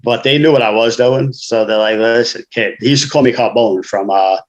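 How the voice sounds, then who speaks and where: A man's voice: mid-range voice, brisk, muffled recording. A man, a guest author telling his life story frankly in casual conversation, often saying "you know".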